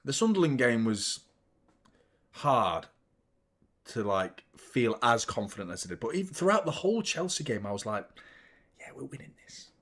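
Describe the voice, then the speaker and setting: A man's voice: medium pitch, very animated, normal speed, fairly bright tone, breathy edge. A young man hosting a live football watchalong, chatting casually with viewers and swearing freely between bursts of match commentary. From United Kingdom. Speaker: football fan channel host.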